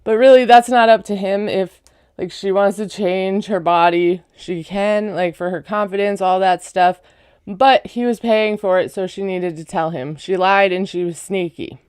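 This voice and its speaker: A woman's voice: medium pitch, steady tone, moderate pace, a little mellow, clear, resonant tone, no echo, studio quality. A woman giving a casual, chatty recap of a reality show, full of sarcastic asides.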